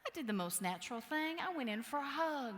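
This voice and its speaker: A woman from Wisconsin giving a motivational keynote speech, telling a story in a playful, animated way and acting out voices and sounds. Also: high voice, fairly quick, slight background noise. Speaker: keynote speaker. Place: large conference hall. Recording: long hall reverb.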